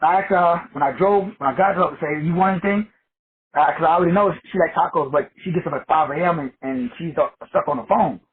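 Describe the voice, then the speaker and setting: A man's voice: a little high, fast talker, few pauses, a little hiss or hum. A man teaching metaphysics in a casual, profane storytelling talk, looping back with stammered restarts. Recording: tinny phone-like lo-fi sound.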